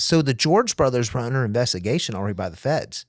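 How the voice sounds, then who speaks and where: A man's voice: medium pitch, animated, fast talker, hardly any pauses, dry recording, studio quality. Profane man telling a wild story. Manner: profane, vivid storyteller acting out quoted dialogue. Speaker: podcast guest. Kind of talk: casual storytelling interview.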